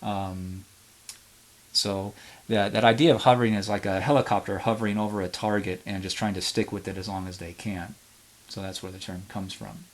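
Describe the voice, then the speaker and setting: A man with a somewhat low voice explains interview technique in a loose, unscripted way. He often stops on fillers and restarts his sentences, so the talk sounds like an easygoing lecture rather than a reading. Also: steady tone, normal speed. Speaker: history professor.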